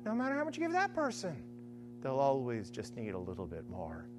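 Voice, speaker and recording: Animated preacher with a lively pitch. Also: fairly quick, soft background music. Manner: animated, keeps asking "right?"; acts out imagined voices. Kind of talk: sermon-style Bible teaching.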